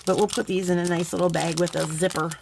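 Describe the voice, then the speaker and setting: A middle-aged woman chatting casually as she unboxes beading supplies, rambling, warm-hearted and quick to get emotional. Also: lowish voice, little pitch movement, creaky, background noise. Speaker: beading vlogger.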